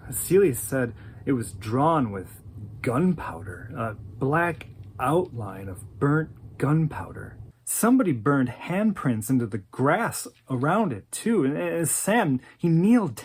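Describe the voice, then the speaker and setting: A woman in her forties tells a personal memory in an animated, dramatic way, stammering as she restarts her sentences. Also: extremely low pitch, husky. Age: 40s. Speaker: oral history interviewee. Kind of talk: personal storytelling.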